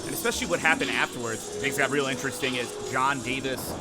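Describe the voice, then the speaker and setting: A man doing energetic play-by-play commentary for a wrestling show. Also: mid-range voice, fast, over loud music. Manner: energetic, animated.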